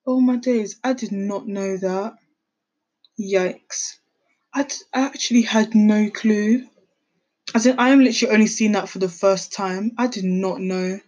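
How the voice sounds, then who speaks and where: A woman's voice: medium pitch, a little slow, darkish tone, poor audio. A young woman chatting casually as a podcast host, sassy and opinionated. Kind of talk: casual reaction chat.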